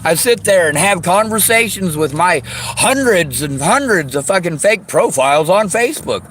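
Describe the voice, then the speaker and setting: A man's voice: high-pitched, animated, normal speed, fairly bright tone, slight background noise, low-quality recording. A man in an angry personal rant, swearing heavily and lashing out with bitter sarcasm.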